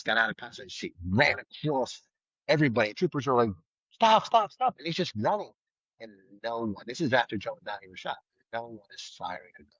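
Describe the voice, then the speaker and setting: A middle-aged man, a retired trooper, telling a story in a blunt, vivid way, loudly acting out the lines of the people he quotes. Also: medium pitch, slightly rough, dry recording, muffled recording. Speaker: retired state trooper guest. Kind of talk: casual storytelling in a podcast interview.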